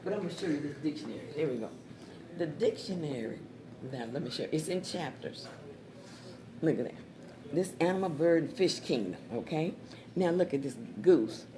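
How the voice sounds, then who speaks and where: A woman chatting casually as she pitches her Spanish dictionary, repeating words and laughing at her own jokes. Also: lively intonation, normal speed. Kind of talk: casual sales chat with jokes. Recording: crowd noise behind.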